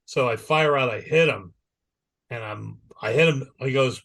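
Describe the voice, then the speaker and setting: Bright-voiced man telling a story. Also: medium pitch, normal speed, vocal fry. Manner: animated anecdote-teller, repeats "he goes". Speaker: podcast co-host. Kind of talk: casual storytelling chat.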